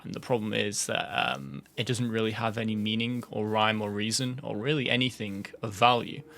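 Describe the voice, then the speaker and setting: Guy yapping over his game, kinda gravelly and creaky, rambles on and swears a lot. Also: lowish voice, a bit bright. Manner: rambling, fast-running words with frequent swearing and fillers. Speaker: gameplay commentator. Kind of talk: casual rambling gameplay commentary.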